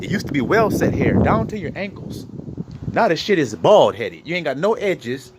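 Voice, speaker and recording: Animated, profane street preacher. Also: male voice, a little high, moderate pace, heavy background noise. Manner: animated, profane, acts out quoted arguments. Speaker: online preacher. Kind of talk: casual street sermon.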